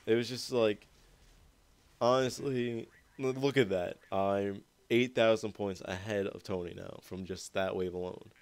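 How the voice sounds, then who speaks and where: A man's voice: on the low side, steady tone, a little slow, clear, resonant tone. Young man swearing through gameplay commentary. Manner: rambling, swears a lot, self-mocking.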